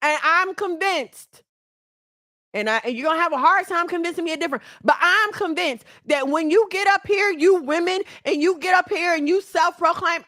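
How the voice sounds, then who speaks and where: A high-pitched woman lectures her audience head-on in a blunt, scolding way. She is middle-aged, animated, and quick to laugh. The voice sits close and dry, with hardly any room sound. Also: no room sound. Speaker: channel host. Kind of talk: preachy commentary to women.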